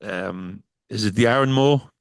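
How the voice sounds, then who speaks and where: A man's voice: on the low side, moderate pace, clear, resonant tone, no room sound. A man hosting a podcast, chatting casually and stumbling over words as he recalls details. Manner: hesitant, repeats words while recalling. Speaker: podcast host. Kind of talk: casual chat.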